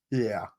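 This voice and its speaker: A man's voice: fairly high pitch, a little mellow, slightly rough. A man co-hosting a podcast in casual chat, easygoing and chiming in with short agreements. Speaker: podcast co-host. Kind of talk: casual mock-draft chat.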